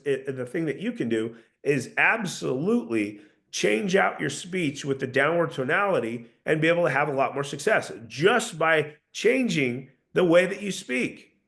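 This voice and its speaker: Man, sales trainer, earnest coaching delivery, slightly high, gravelly voice. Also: a bit bright. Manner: earnest, coaching, with frequent restarts. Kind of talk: casual sales coaching talk to a group.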